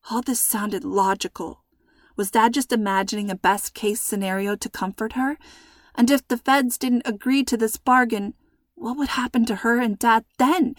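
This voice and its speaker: A woman reading a scripted children's storybook in a measured, suspenseful manner, close to the mic. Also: a little high, fairly even intonation, no echo. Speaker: narrator.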